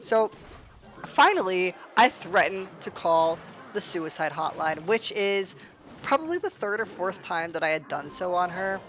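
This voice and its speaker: A woman's voice: on the low side, lively intonation, a little slow, a bit bright, slight background noise, rough recording. A young woman telling a storytime vlog in a sarcastic, exasperated, profane way. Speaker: storytime streamer.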